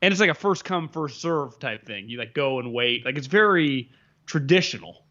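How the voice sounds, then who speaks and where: A man at a middle pitch co-hosting a sports podcast, his chat loose and rambling and full of filler words. The sound is a bit dull and lo-fi. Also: lively intonation, normal speed, pushed and bright. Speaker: podcast co-host.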